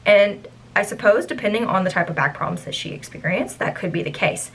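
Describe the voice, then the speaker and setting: Young woman, casual storyteller, animated, acts out quotes; faint noise. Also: medium pitch, fairly quick, vocal fry, rough recording. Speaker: former theme park cast member.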